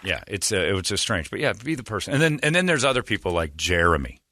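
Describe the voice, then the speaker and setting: A man hosting a podcast, telling stories in a sarcastic, animated casual chat. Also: sits low, fast, a crowd in the background, noisy background. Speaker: podcast host.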